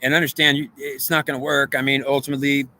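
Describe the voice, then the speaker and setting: A man's voice: mid-range voice, flat delivery, fast, bright, forceful tone, rough recording. A man delivering a rambling spiritual monologue, insistently repeating himself and often asking whether the listener understands. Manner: repetitive, insistent, asks "do you understand"; frequent restarts and stammered repeats.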